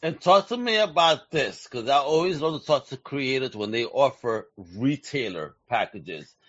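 A man hosting a casual interview, talking in a slangy, excitable, hype-driven way. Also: mid-range voice, normal speed, no echo, muffled recording. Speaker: interview host.

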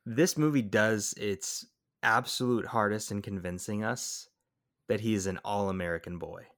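A man co-hosting a podcast, talking through a movie in a rambling, excitable way. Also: lowish voice, normal speed. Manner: rambling, excitable, lots of fillers. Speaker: podcast co-host. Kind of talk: casual movie review chat.

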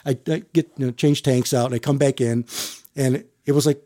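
In an interview, a middle-aged firefighter tells a story in a rambling, halting way, repeating words and chuckling a lot. His voice is medium in pitch, steady and mellow.

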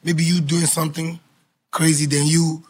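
Man, husky, slightly high voice, laid-back casual chat, lots of fillers. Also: flat delivery, normal speed, a little mellow. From Nigeria. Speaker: guest singer.

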